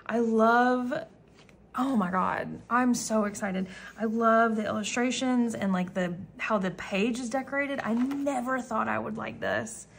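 A woman talking casually in an unboxing vlog at home, gushing and excitable as she chats on. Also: a little high, measured pace, vocal fry, a little hiss or hum. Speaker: planner vlogger. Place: common room at home, indoors.

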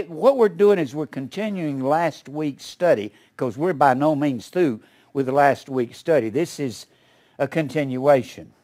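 A man's voice: on the high side, a little mellow. An older man teaching a Bible study in a folksy, rambling way, with asides and small chuckles.

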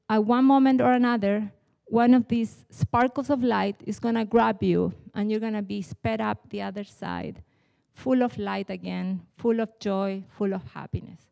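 A woman leading a spiritual talk about meditation, speaking gently and hesitantly, trailing off softly. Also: mid-range voice, creaky. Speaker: workshop co-leader.

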